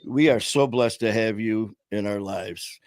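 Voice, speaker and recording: A man's voice: lowish voice, unhurried. A man hosting a casual live stream interview, talking in long runs full of fillers and restarts. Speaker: host. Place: home studio on a live stream call.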